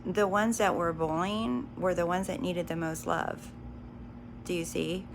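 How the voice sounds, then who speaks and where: A woman hosting a live stream on spiritual growth, speaking calmly and directly to her viewers, often repeating phrases. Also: fairly low pitch, a little slow, noisy background. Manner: calm, reassuring, repeats herself, addresses viewers directly. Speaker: livestream host.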